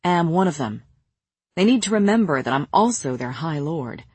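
A woman voicing a cold, commanding male fae high lord who speaks with quiet, controlled menace. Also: huge pitch swings, brisk, slightly rough, no echo, heavily acted.

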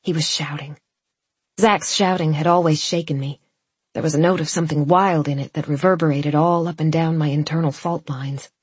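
A woman narrates a first-person audiobook in a measured, reflective way. Her voice sits low and carries a breathy, husky grain. The sound is close and dry, with no room in it. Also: steady tone, no echo.

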